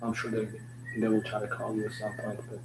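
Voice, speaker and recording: A man's voice: on the low side, completely flat delivery, fairly quick. A young man rambling through a joking, slangy, stream-of-consciousness vlog with loose swearing. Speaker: vlogger. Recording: noticeable background hum.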